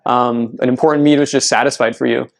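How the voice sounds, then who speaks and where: A man's voice: mid-range voice, steady tone, fast, vocal fry. A man, a clinical psychologist, giving an earnest presentation at a health fair and often checking in with "right?". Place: event room.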